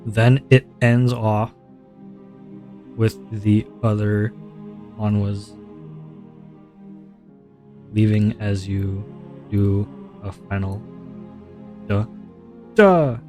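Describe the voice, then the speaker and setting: Man, livestream chat, deep relaxed voice, rambling restarts, faint background music. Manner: deliberately relaxed low voice, rambling with repeated restarts. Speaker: streamer.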